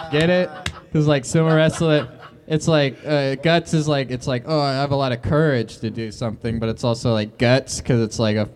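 A man's voice: mid-range voice, background noise. Stammering man over-explaining his jokes. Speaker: comedian guest. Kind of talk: deliberately awkward stand-up bit.

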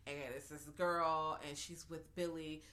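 A woman's voice: low-pitched, fairly even intonation, a little slow, fairly bright tone. A woman co-hosting a podcast, a teacher, talking bluntly and profanely in casual chat. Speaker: podcast co-host.

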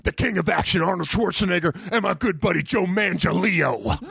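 A man's voice: high voice, fairly quick, creaky, fairly bright tone, a little hiss or hum, pitched above the performer's own voice, heavily acted. A man impersonating a brash wrestling star. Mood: showy. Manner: boastful, calls everyone brother. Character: brash male pro-wrestler announcer impression.

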